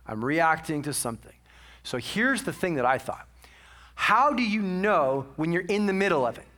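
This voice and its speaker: A man's voice: high-pitched, sharp tone. A man preaching a sermon in a casual, chatty storytelling way, self-mocking and full of asides. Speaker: pastor.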